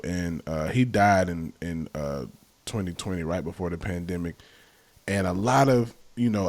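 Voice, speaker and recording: A young man hosting a casual chat, telling family stories with animated bursts and mimicked calls. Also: low-pitched. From American South. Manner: animated storyteller, mimics relatives' shouts. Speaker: host.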